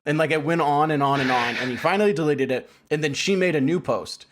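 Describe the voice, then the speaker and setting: Guy on a podcast cracking up while he tells a story, kinda high voice. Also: fast. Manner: laughs while telling stories, mimics people. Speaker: podcast co-host. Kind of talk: casual chat.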